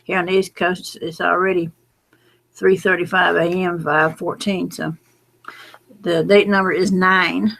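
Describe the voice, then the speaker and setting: A woman's voice: on the low side, level tone, a little slow, gravelly, fairly bright tone, slight background noise. A middle-aged woman, talking in a late-night casual vlog, rambling and folksy, drowsy and close to tears. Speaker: lottery number vlogger.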